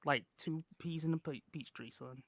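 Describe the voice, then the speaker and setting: A man delivering cheesy, smooth-talking pickup lines on a livestream. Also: fairly high pitch, moderate pace, no echo. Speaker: flirting contest participant.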